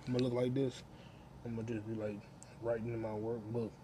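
A man's voice: mid-range voice, level tone, fast, warm tone, slight background noise. A man hosting a crude solo podcast from his home kitchen, rambling, swearing constantly and laughing at his own jokes. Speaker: podcast host.

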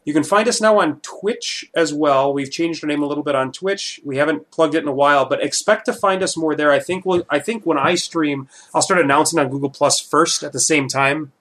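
Man, podcast host, sarcastic, deadpan delivery, slightly high voice. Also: fairly quick, few pauses. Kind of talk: casual podcast banter.

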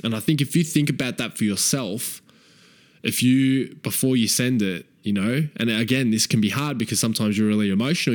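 A man coaching fathers in a frank, profane way. He keeps asking "right?" and repeats key phrases for emphasis. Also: lowish voice. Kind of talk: direct-to-camera advice talk.

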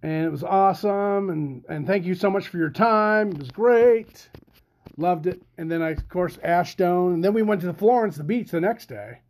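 A man's voice: high-pitched, moderate pace. A man hosting a casual podcast, rambling and chatty with lots of fillers and restarts. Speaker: podcast host. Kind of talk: casual chat.

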